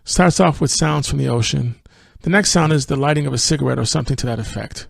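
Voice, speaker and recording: Gravelly-voiced man reviewing music. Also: medium pitch, fast talker, dry recording. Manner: relaxed, thinking aloud with fillers and restarts. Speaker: podcast host. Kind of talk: music review podcast, reading lyrics aloud.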